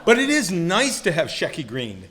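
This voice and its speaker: A man's voice: high-pitched, wildly swooping pitch, moderate pace, very noisy. A man in his sixties giving a self-deprecating roast speech, teasing colleagues with playful mock voices. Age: 60s. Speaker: retiring professor being roasted. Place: banquet hall.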